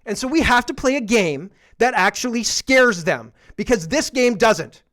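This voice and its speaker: A man's voice: extremely high pitch, lively intonation, normal speed, a bit bright. Frustrated, profane man ranting. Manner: frustrated, profane, emphatic repetition. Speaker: show host. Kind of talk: heated political talk show rant.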